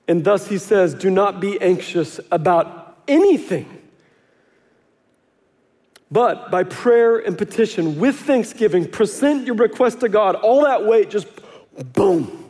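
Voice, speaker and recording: A man in his thirties preaching a sermon as a pastor, animated and storytelling, acting out quotes with self-deprecating humor. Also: sits high, a little slow. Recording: long hall reverb.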